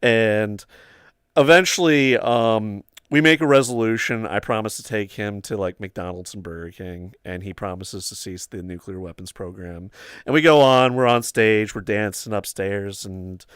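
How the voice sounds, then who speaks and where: A man's voice: lowish voice, moderate pace, fairly bright tone, clean tone, dry recording, clean studio sound. Rambling young man telling stories. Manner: rambling, full of "like" and "um". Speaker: livestream host. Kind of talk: casual storytelling chat.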